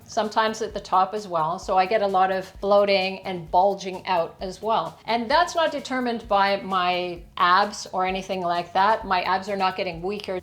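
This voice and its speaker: A woman fitness coach speaks straight to her viewers at a mid-range pitch. She explains things clearly and step by step, tossing in rhetorical questions as she goes. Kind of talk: explaining to camera.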